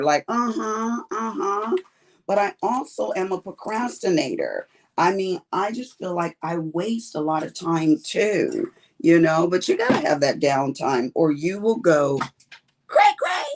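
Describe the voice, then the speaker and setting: Middle-aged Texan woman, warm and chatty, a livestream host who rambles and says honey a lot. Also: low-pitched, big pitch swings, moderate pace, a little hiss or hum. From Texas. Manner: chatty, rambling, calls viewers honey and baby. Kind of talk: casual chat with viewers while diamond painting.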